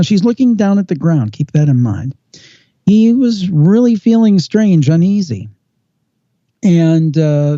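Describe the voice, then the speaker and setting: A man with a very dark, mellow voice spins a creepy story, slowing down and leaning on the tense moments. The sound is dry and a little dull, like a lo-fi podcast recording. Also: on the high side, no room sound. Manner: measured storyteller with slow dramatic pauses. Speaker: paranormal podcast guest host.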